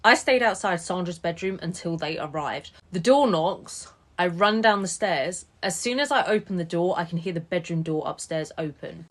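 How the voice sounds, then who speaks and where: A woman in her late twenties telling a personal story to a phone camera, animated and indignant, with quick asides. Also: on the low side. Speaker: TikTok storyteller.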